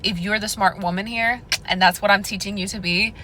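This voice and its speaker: A woman's voice: mid-range voice, steady tone, a little fast, sharp tone, rough recording. Sassy young woman giving dating advice. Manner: sassy, addresses viewer as girl and honey. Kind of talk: direct-to-camera advice monologue.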